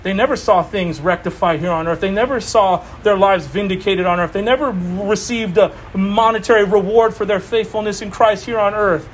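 A man preaching an informal sermon, animated and emphatic, repeating phrases and laughing often. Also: high voice, moderate pace, hardly any pauses, slight background noise. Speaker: preacher teaching a Bible study.

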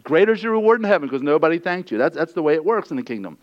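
A male pastor preaching a sermon in a conversational, animated way, acting out the quoted lines. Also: fairly high pitch, racing, dull audio.

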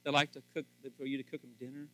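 A man preaching a sermon on marriage, swinging from quiet asides up to loud, fervent emphasis. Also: flat delivery, racing, no room sound. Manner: rising to loud fervent emphasis, then dropping low; acts out little scenes in voices. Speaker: pastor.

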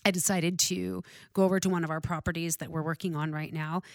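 A middle-aged woman chatting casually, telling a lively story, acting out the voices of the people in it and laughing often. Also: fairly low pitch, fast, no echo, studio quality. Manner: animated storyteller, acts out dialogue, laughs often. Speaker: real estate investor.

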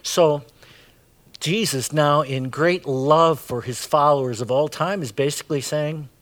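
A man's voice: a little high, unhurried, a bit bright. A middle-aged man preaching a sermon as pastor, chatty and full of asides and "right?" tags.

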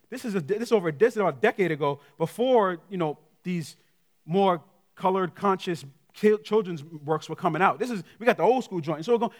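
A middle-aged male guest pastor preaching a sermon in a church, colloquial and conversational, swinging from loud emphasis to hushed asides. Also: high voice, a little fast. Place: church sanctuary.

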